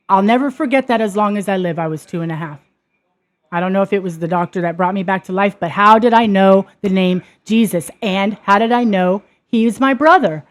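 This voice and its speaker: This female podcast host speaks a little fast at a medium pitch. In a personal testimony monologue on her own show, her earnest telling turns emphatic and heated.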